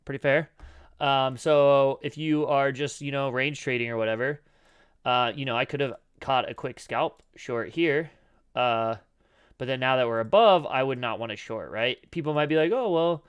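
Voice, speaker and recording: A man with a clear, resonant, medium-pitched voice talks at normal speed through trading charts on a live stream. He's loose and rambling, full of fillers and occasional cursing, with a scratchy throat that makes his voice crack and keeps him clearing it.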